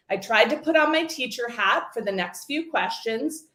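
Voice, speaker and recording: A woman in her forties giving a scripted keynote talk, telling stories with lively acted quotes. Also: on the high side, moderate pace, hardly any pauses, roomy sound. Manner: storytelling, expressive with acted quotes. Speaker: keynote speaker.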